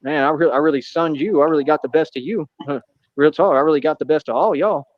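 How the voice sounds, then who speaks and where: A man's voice: on the high side, dry recording, dull audio. A man talking in a boastful, defiant monologue, full of street slang. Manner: boastful, defiant, rapid slang-filled talk. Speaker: streamer in a played clip.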